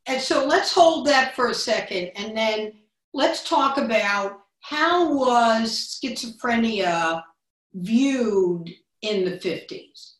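Woman host, slow, higher voice, echoey room, mic a bit far off. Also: lively intonation, fairly bright tone. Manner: reads a scripted introduction, then asks questions. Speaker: bookstore event host. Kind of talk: author interview.

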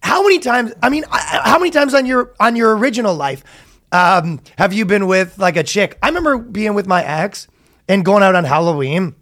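A man with a notably high speaking voice chats on a comedy podcast. He tells stories in a crude, joking way and swears a lot. It's loose, casual podcast talk into a studio mic. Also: lively intonation, brisk, a bit bright. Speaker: podcast host.

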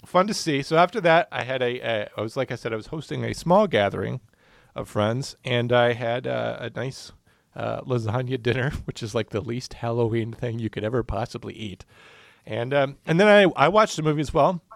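A man's voice: mid-range voice, moderate pace, creaky, dry recording. A man co-hosting a podcast, a former police officer, telling rambling jokey stories with lots of fillers. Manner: joking, rambling storytelling with fillers. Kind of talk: casual podcast banter.

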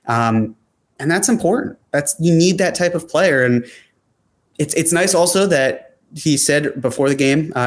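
Chatty man hosting a sports talk show. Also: on the high side. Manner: chatty, loose, many fillers and restarts. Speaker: sports show host reading viewer comments. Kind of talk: casual chat.

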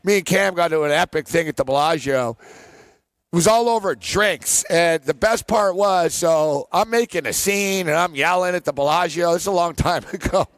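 A man's voice: on the high side, normal speed, no echo. A man co-hosting a sports betting show, telling rambling stories full of fillers and laughs in a casual chat.

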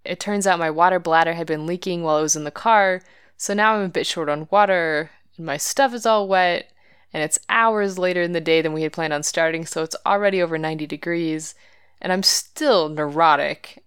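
A woman's voice: on the low side, fairly quick, fairly bright tone, smooth, no echo, studio quality. A woman hosting a hiking podcast, telling a story about herself in a candid, self-deprecating way with light laughs. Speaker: podcast host. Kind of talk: scripted podcast narration.

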